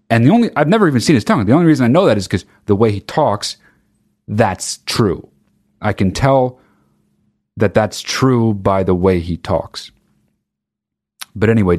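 A man's voice: on the low side, darkish tone. A man hosting a podcast, ranting in a profane, sarcastic, rambling comedic way. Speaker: podcast host. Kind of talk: comedic rant.

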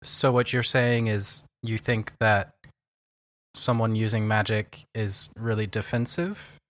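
A man's voice: lowish voice, takes it slowly, fairly bright tone, dry recording, studio quality. A man chatting casually as a player in a tabletop role-playing game, joking and wry.

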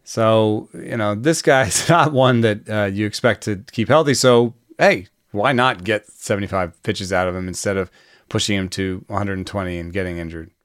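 Smooth-voiced chatty man. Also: on the low side, normal speed, no echo, clean studio sound. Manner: chatty, frequent fillers and self-restarts, laughs often. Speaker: baseball analyst. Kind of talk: casual podcast chat.

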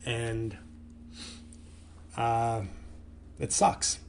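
A man's voice: medium pitch, flat delivery, extremely slow, creaky, a little hiss or hum. Furious profane man ranting. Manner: angry, profane ranting with stumbles. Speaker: podcast host, comedian. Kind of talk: solo podcast rant.

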